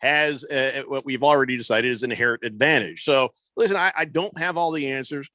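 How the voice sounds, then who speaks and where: A man's voice: mid-range voice, fairly quick, bright, forceful tone, dry recording. A man hosting a sports talk radio show in a studio, chatting casually with lots of fillers and restarts. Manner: conversational, rambling with many fillers. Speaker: radio host. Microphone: studio microphone.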